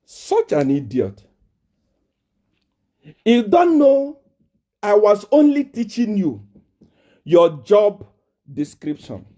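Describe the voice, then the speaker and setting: A Nigerian man speaks as a prophet in a live video address, confrontational and taunting. He hammers home repeated rhetorical questions. His voice sits high and swings widely in pitch. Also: huge pitch swings, takes it slowly, pauses often, mellow. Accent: Nigerian English.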